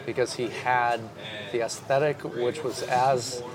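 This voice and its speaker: Animated male storyteller, mid-pitched, casual swearing, chatter of a crowd behind. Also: measured pace. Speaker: drummer guest.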